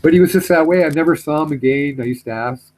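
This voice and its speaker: A man's voice: on the high side, quick pace, darkish tone, low-quality recording. A middle-aged man telling a story in casual chat, rambling, repeating himself, trailing off.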